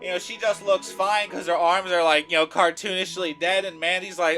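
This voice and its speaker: A man's voice: sits high, moderate pace, faint music behind. A man casually narrating a simulated game show in a chatty, storytelling way. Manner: chatty, lively storytelling with fillers.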